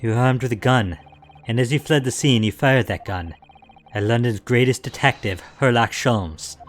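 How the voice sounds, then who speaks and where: A man's voice: medium pitch, moderate pace, soft background music, lightly acted. A man playing an earnest young lawyer. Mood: pressing. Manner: probing, earnest. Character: young male defense lawyer, earnest questioner. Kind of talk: fan voice-over reading of a game.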